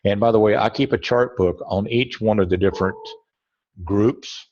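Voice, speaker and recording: A lower-voiced man walks through his trading charts in a webinar lesson, thinking aloud and often correcting himself. The audio is muffled and lo-fi. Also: moderate pace, darkish tone. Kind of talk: screen-share trading tutorial.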